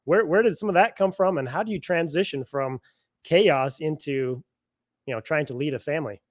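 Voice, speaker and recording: A male podcast host with a somewhat higher voice asks long, searching questions, restarting and rephrasing as he goes. His voice sits dry and close to the microphone. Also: moderate pace, no echo. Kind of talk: conversational interviewing.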